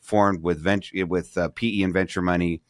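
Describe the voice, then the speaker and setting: Middle-aged male podcast co-host, very deep, loose conversational delivery with restarts, dry sound. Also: fairly even intonation, normal speed, no echo. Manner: rambling, restarts sentences, thinks aloud. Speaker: podcast co-host, banking advisor. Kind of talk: casual business podcast chat.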